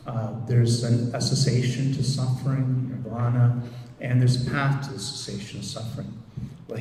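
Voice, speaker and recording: Man lecturing softly in an echoey hall. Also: medium pitch, slight background noise. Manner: gentle, reflective, rambling with fillers. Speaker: meditation group leader and therapist. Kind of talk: recorded presentation. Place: lecture room. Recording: echoey hall, distant mic.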